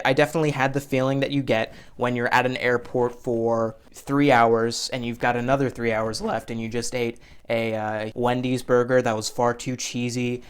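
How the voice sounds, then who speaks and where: A young man telling a comedic story as a vlogger, rambling and profane, with bursts of loud exaggerated voices. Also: medium pitch, clear, resonant tone.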